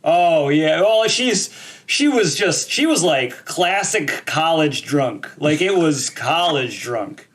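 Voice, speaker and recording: Animated high-voiced man chatting. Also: slow pace. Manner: animated, acts out quoted voices. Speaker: podcast co-host. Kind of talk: casual chat.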